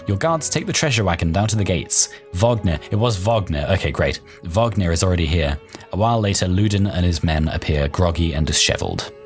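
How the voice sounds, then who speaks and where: A man's voice: deep voice, animated, fairly quick, faint music behind. A young man hosting a let's play, reading game text aloud and chatting in an amused, thinking-aloud way. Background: faint game soundtrack.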